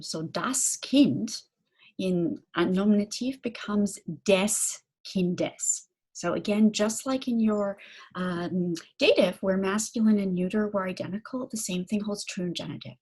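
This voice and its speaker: A woman lecturing on German grammar, saying German example phrases slowly and then giving them in English, with frequent ums. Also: medium pitch, darkish tone, slightly rough. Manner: slow, deliberate explanations with frequent fillers. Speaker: German language instructor.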